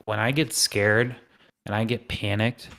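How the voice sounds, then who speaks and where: A man's voice: lowish voice, unhurried, vocal fry. A man hosting a live trading stream, talking casually and acting out panicked traders' thoughts. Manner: animated, acts out panicked inner voices.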